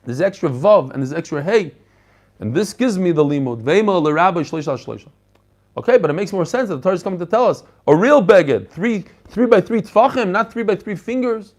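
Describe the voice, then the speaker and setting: High-voiced animated rabbi teaching Talmud. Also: male voice, brisk. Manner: animated, mixes English with Hebrew and Yiddish terms, talks to listeners directly. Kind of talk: lively Talmud class lecture.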